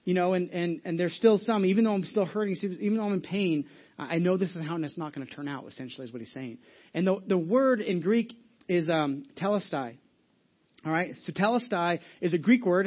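A man's voice: high-pitched, muffled recording. A man preaching a sermon as pastor, telling a story casually with many restarts and asides. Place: church.

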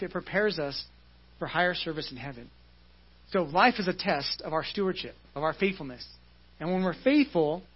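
A man with a high, husky voice preaches a relaxed, conversational sermon, walking his listeners through scripture and tossing in "right?" along the way. The recording is dull and muffled, like a church service captured on modest equipment. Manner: explains scripture casually, often asks "right?". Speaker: pastor.

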